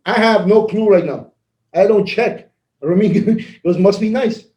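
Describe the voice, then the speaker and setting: A man giving a casual motivational talk, animated and laughing as he acts out conversations. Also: high voice, unhurried, echoey room, lo-fi sound. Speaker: network marketing leader.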